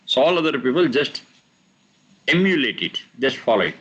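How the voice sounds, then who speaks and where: A man teaching a class on scripture, explaining verses slowly and repeating the recited lines. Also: mid-range voice, big pitch swings, fairly bright tone, slightly rough, highs cut off. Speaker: teacher of Vedic texts.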